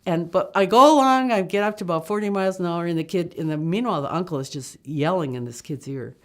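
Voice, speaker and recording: Storyteller: woman with a low voice, lively and animated, plays out the other voices. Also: fast talker, hardly any pauses. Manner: lively, acts out voices, laughs often. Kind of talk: personal travel story.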